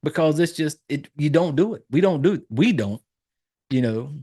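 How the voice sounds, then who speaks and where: A man's voice: on the high side, lively intonation, moderate pace, warm tone, husky. Casual, profane man recapping a film. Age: adult, married. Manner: loose, profane storytelling, acting out lines in a raised voice. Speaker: podcast host reviewing a horror film. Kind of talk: casual chat.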